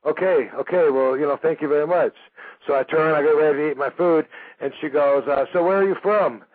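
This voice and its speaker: Heard over narrow-band, phone-like radio audio, this radio host from Michigan tells a casual, animated story, packing it with fillers and performing the quoted voices. He speaks a little fast in a fairly high pitch.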